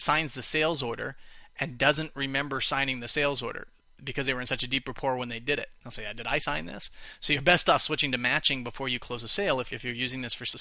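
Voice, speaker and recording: Bright, dry-voiced male instructor. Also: medium pitch, no room sound. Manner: energetic, repetitive, demonstrates voices while teaching. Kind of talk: teaching a rapport-building class.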